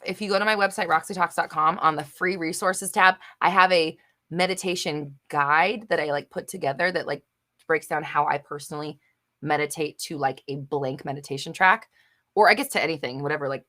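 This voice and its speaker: Blunt, bright-voiced woman hosting a live chat. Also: low voice, fairly quick. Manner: blunt and emphatic, swears casually, lots of fillers. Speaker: host of a live manifestation Q&A. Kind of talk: casual live chat reading viewer comments.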